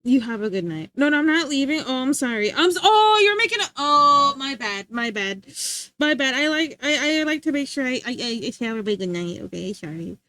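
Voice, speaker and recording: A woman's voice: a little high, fairly quick, no room sound. A young adult woman streaming live, giggling often as she chats casually with her viewers. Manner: giggly, animated, chatty. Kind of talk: casual chat reading live chat. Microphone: streaming mic.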